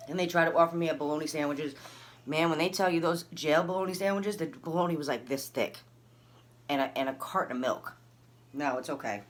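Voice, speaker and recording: A woman casually telling a personal story, acting out the people in it with big jumps in her voice. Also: a little fast. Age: adult, recalls early twenties and has a son. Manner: animated, acts out dialogue with big pitch jumps.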